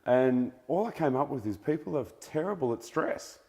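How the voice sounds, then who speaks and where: A man's voice: medium pitch, animated, normal speed, warm tone, big-room sound. An Australian man answering as a guest author in a casual interview, loose and blokey, with the odd swear.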